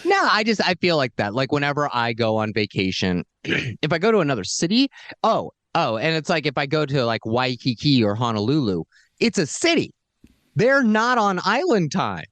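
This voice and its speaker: Animated man rambling in casual chat. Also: fairly high pitch, moderate pace, no echo.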